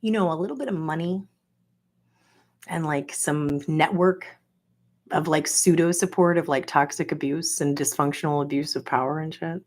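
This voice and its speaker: A woman's voice: sits low, normal speed, a little mellow. A woman from Florida hosting a podcast, rambling through a profane, venting personal monologue packed with filler words. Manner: venting, incredulous. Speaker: podcast host.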